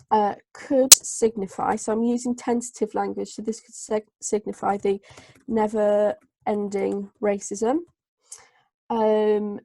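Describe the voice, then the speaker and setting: A woman tutoring a live online class, her voice gravelly and mellow with a flat melody. She speaks haltingly, filling pauses as she writes. The sound is dry and close on a computer mic. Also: mid-range voice, no room sound. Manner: slow, hesitant dictation with many fillers while writing. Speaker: English tutor.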